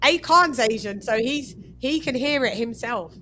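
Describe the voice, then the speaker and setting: A woman's voice: fairly high pitch, a little slow, pushed and bright, slight background noise. A woman from West London with a London accent, hosting a casual talk panel and chatting with lots of restarts and "you know"s. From West London, England. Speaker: host of an online talk panel. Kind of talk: casual chat.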